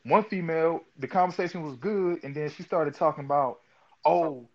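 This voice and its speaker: A man's voice: fairly high pitch, brisk. Laid-back man on muffled audio. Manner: laid-back, lots of fillers. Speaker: podcast host. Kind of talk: casual chat. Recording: dull lo-fi audio.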